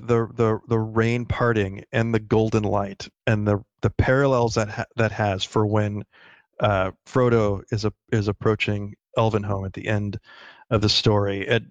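A man co-hosting a casual literary discussion, explaining his points earnestly with quick restarts. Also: on the low side, no room sound, muffled recording. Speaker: podcast co-host.

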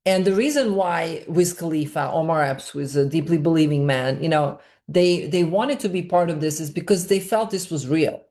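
Low-voiced woman filmmaker explaining earnestly. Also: moderate pace, few pauses, a little mellow. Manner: long, searching explanations with frequent repeats. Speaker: filmmaker being interviewed. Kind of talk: earnest interview answer.

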